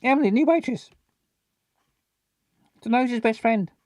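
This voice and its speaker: A man's voice: very high voice, a little slow, darkish tone, dry recording, studio quality, voice pushed up. A man voicing an eager young woman who is the new waitress at a restaurant, speaking in a chirpy tone.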